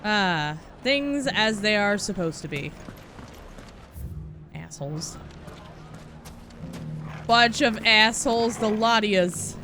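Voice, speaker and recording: Slow-talking woman streamer, game music behind. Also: medium pitch. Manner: profane, playful, with sudden loud outbursts. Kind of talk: live gameplay commentary.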